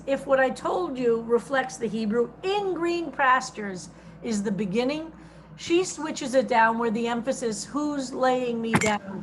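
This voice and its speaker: A woman rabbi teaching a text study over a video call, reading translations slowly and stressing each phrase. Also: on the high side, a little hiss or hum.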